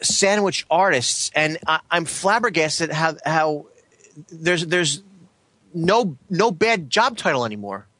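A man's voice: fairly high pitch, expressive, takes it slowly, bright, forceful tone, dry recording. A man telling an exasperated anecdote in casual talk, often stumbling and repeating words. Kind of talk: casual storytelling chat.

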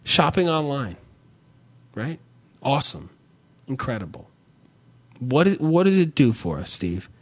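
A man's voice: medium pitch, measured pace, pauses often, husky. A man ranting comically about everyday annoyances in a casual chat, profane and theatrical. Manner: profane, animated ranting with mock-shouted quotes. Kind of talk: casual comedic rant.

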